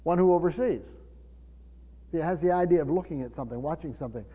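A man's voice: on the high side, quick pace, slightly rough. Man preaching in a reverberant church. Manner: repeats words, asks the congregation questions. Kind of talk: Bible teaching sermon. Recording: dull hall recording with reverb.

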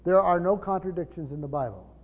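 A man with a high voice teaching a Bible lesson from a church pulpit. He speaks with emphasis and keeps posing rhetorical questions to the room. The recording is dull and lo-fi, with a long hall reverb trailing each phrase. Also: fast talker, slightly rough. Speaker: pastor teaching Bible study. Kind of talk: teaching sermon.

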